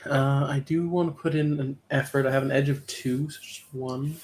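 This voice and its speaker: A man's voice: medium pitch, steady tone, normal speed, darkish tone, a little hiss or hum. A man playing a tabletop game, asking hesitant questions. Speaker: player. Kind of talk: casual tabletop play.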